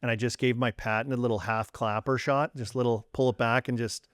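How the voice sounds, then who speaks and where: A man's voice: medium pitch, fairly quick, dry recording, studio quality. A Canadian man in his forties, a former hockey player, telling stories in a casual chat and acting out the dialogue. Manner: animated storyteller, acts out quoted dialogue.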